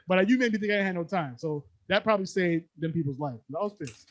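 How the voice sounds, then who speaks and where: A young man co-hosting a podcast, telling a story in animated, slangy casual chat and laughing often. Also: sits high, fast talker, no echo, dull audio. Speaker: podcast co-host.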